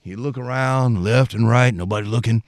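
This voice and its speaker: A middle-aged man tells rambling, folksy stories as a musician guest. His voice sits at a middle pitch. The recording is close and dry. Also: moderate pace, no echo. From Mississippi, US. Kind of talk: storytelling interview.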